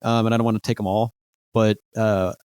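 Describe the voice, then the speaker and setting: Quick chatty male co-host. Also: on the low side, little pitch movement, a little mellow, clean tone, dry recording, studio quality. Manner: chatty, repeats words when starting. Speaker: podcast co-host. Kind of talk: casual chat about a TV episode.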